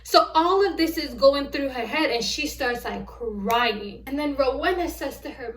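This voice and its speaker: A woman with a fairly high voice recaps a movie in a casual vlog review, full of exasperated disbelief at the plot. She sits back from the mic, and the room around her rings with echo. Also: a little slow, hardly any pauses, slight background noise. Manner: exasperated, incredulous storytelling. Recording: echoey room, distant mic.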